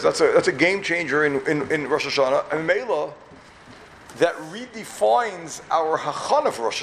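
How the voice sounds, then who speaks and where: A rabbi from Borough Park, giving an emphatic yeshiva talk full of repeated questions and wry asides. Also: male voice, high-pitched, a little hiss or hum. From Borough Park, New York.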